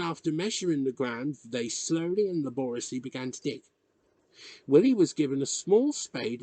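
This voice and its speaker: A man narrates a novel in a measured, storytelling manner. His intonation rises and falls in a lively way, with a slightly husky tone. The recording is dry and close, with no room sound. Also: medium pitch, no room sound. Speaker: reader. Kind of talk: audiobook narration.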